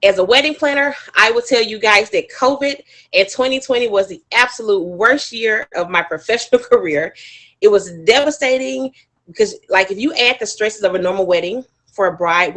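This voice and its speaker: A woman wedding planner talking to an audience, quizzing them and coaxing their guesses in an animated, chatty way. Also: mid-range voice. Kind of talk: audience talk with quiz questions.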